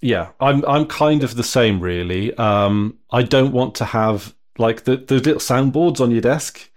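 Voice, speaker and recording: A man's voice: mid-range voice, measured pace. A man from the UK in a casual chat, easygoing and stumbling over repeated words as he starts his sentences. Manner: stammers on restarts, easygoing.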